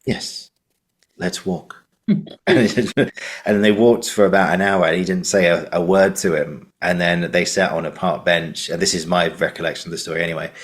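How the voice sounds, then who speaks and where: A male podcast host with a very low voice tells a story in a casual, meandering way. He often pauses on fillers and restarts. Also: fairly even intonation. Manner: rambling with frequent fillers.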